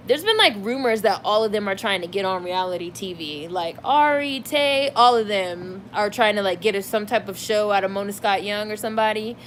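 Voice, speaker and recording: A woman's voice: fairly high pitch, slight background noise. Chatty woman gossiping on a livestream. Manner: chatty, animated, heavy use of "like". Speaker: livestream host reading chat. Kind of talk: casual celebrity gossip chat.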